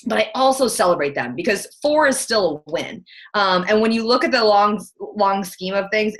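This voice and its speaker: Brief: woman coach, casual chat, blunt and quick, filler-heavy, mid-pitch. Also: fairly bright tone. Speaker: team coach and guest.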